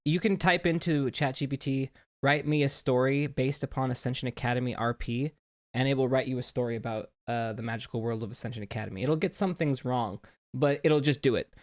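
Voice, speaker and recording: A young adult streamer chatting live, excitable, jumping between mumbled asides and loud outbursts, with keyboard typing behind. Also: mid-range voice, brisk, no room sound, studio quality.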